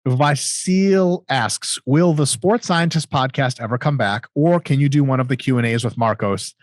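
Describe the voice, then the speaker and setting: A man's voice: mid-range voice, normal speed, dry recording. A man in his thirties co-hosting a casual question-and-answer chat, joking and swearing freely. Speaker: co-host answering viewer questions.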